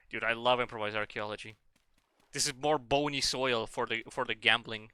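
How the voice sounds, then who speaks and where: Man, russian-english-french accent, playful streamer, rambling chat, very bright tone, smooth clear voice. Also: mid-range voice, brisk, dry recording. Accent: mixed Russian, French and English. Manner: playful, rambling, bursts of excitement. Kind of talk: casual gameplay commentary.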